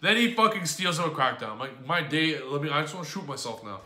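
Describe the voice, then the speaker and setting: A man with a bright, forceful voice that sits a little high for a man talks through his card game matches. He rambles, curses and sounds exasperated at his own losses. The sound bounces around an echoey room. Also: lively intonation, brisk. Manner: exasperated, profane, rambling play-by-play. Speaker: YouTube gaming host. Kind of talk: card game commentary recap.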